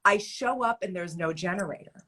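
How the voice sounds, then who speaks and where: A woman guest on a video call, telling animated, exasperated stories in a casual interview chat. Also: lowish voice, normal speed. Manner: animated storyteller, emphatic and exasperated. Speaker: guest, event entertainer and author. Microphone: remote video call.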